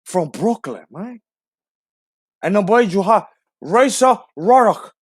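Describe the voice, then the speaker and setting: A guy putting on a cocky cuban gangster voice, trash-talking, pitched up high, bone-dry sound. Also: animated, a little slow, breathy edge, dry recording, exaggerated voice. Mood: boastful. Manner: brash, taunting, ends phrases with "man". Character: swaggering foul-mouthed male Cuban gangster.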